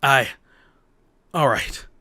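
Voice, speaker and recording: A flustered male lab chief, nervous and stammering, halting as he speaks, as a man puts him on. The voice sits lower than the reader's usual tone. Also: sharp tone, no room sound, clean studio sound. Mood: nervous hesitant.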